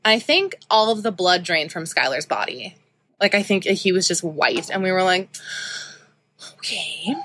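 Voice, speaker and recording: A woman's voice: on the low side, lively intonation, normal speed, a bit bright. A woman in her thirties hosting a podcast, telling a personal story in a candid, chatty way with lots of ums and likes. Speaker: podcast host.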